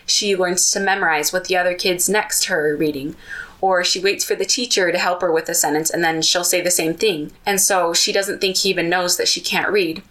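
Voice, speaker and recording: A woman's voice: fairly low pitch, fairly even intonation, brisk, a bit bright, poor audio. A woman podcast host retelling a children's book in casual storytelling, adding personal asides.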